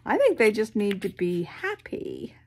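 A woman reading a picture book aloud to children, animated, with sound effects and soft whispered asides. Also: mid-range voice, a little slow, vocal fry. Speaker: storyteller.

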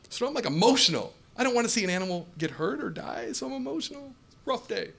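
Animated forty-something stand-up comic. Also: male voice, very high voice, fast, vocal fry. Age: 40s. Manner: animated storytelling, acting out dialogue. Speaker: stand-up comedian. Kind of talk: stand-up comedy set. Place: comedy club stage with live audience. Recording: live club audio with crowd laughing. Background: audience laughter.

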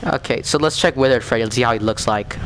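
Excitable man doing game commentary. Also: mid-range voice, a little fast, slight background noise. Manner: excitable, jumpy reactions and rambling asides. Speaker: gamer. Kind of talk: let's play commentary.

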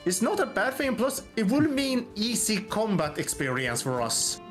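A man's voice: high-pitched, sing-song, normal speed, a bit bright, soft background music. A man chatting with a friend over a co-op game, planning aloud with frequent restarts. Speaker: co-op gaming partner. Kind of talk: casual gaming chat.

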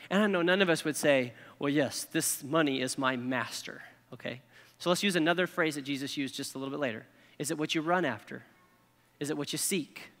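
A man's voice: a little high, a bit bright, big-room sound. A male pastor preaching a sermon in a conversational way, checking in with "okay?" and "right?" as he goes.

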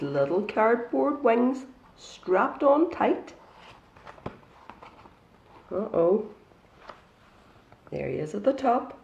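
A woman's voice: mid-range voice, big pitch swings, slow, gravelly, pauses often, darkish tone. A woman, reading a picture book aloud to children in a bookshop and coaxing them with questions. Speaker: storytime reader. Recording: echoey room, dull lo-fi sound.

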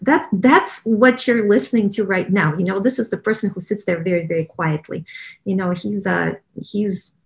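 A woman with a Russian accent talking casually as a choir director, with many fillers and restarts. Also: medium pitch. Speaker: choir director promoting a training program. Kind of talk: casual promotional talk.

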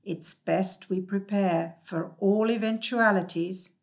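A woman voicing a gentle, cautious troll father who speaks slowly and thoughtfully. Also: mid-range voice, fairly even intonation. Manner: slow, thoughtful, wistful.

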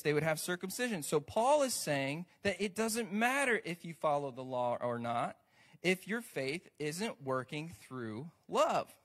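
Brief: American male pastor, high voice, lively conversational sermon delivery. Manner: lively, conversational preaching with asides to the congregation.

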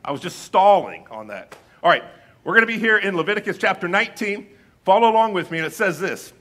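A male pastor giving a conversational sermon with playful asides, reading scripture slowly and deliberately. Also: sits high, animated, a bit bright.

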